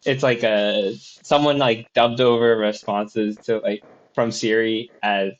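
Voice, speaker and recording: A man's voice: fairly low pitch, fairly even intonation, a little slow. A man co-hosting a casual podcast chat, rambling with lots of fillers and restarts. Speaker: podcast co-host. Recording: dull lo-fi audio.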